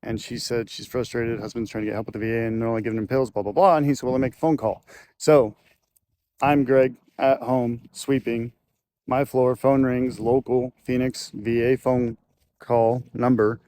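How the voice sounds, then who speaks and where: A man's voice: medium pitch, little pitch movement, moderate pace, a little mellow. A man telling a long personal story in a loose, rambling way, with a faint hum of noise behind him. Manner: rambling, loose, with fillers and restarts. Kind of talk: casual storytelling to camera.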